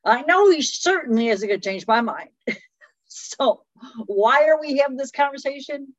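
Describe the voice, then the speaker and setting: A woman's voice: sits high, expressive, normal speed, dry recording, rough recording. A woman talking reflectively in a casual conversation. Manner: reflective, conversational, many fillers. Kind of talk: casual conversation about relationships.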